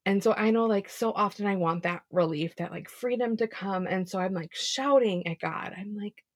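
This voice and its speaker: A woman's voice: medium pitch, moderate pace, no room sound, studio quality. A young woman co-hosting a podcast, giving a casual faith devotional talk in an earnest, chatty way full of "like". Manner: earnest, chatty, heavy filler "like".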